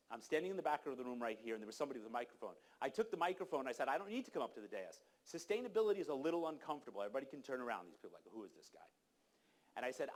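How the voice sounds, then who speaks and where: Man speaker, fairly high voice, preaching-style urgency at a conference lectern. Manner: urgent, exhorting, storytelling with direct questions to the audience. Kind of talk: impassioned conference talk. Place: conference hall.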